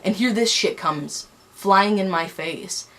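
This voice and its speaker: A woman's voice: mid-range voice, slow pace, fairly bright tone. A young woman telling a personal story on a vlog, angry and heated, rambling with many restarts. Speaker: vlogger.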